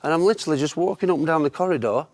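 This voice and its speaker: Brief: Yorkshire ex-goalkeeper in his fifties, lively anecdotal chat, voice sitting a touch high. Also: rapid-fire. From Barnsley, England. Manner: animated storyteller, chuckling often. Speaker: former goalkeeper, guest.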